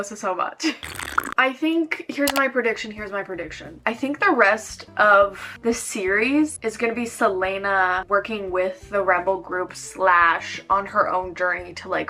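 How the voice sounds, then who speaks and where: A woman chatting casually in a reading vlog, excitable and gushing, with bursts of quick talk, filmed at home. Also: medium pitch. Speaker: book vlogger.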